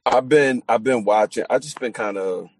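A man in a casual chat, talking haltingly with many restarts. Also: mid-range voice, darkish tone, husky, dry recording.

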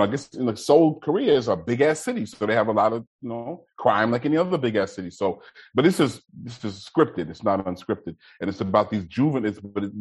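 A man's voice: fairly low pitch, a little mellow, breathy edge, poor audio. A man hosting a casual chat, talking loosely in slang and laughing often. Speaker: podcast host.

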